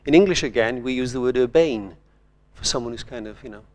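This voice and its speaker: A man's voice: mid-range voice, fairly quick, darkish tone, slight background noise. An older man from Wales, a writer speaking on a conference panel in a thoughtful, digressive way.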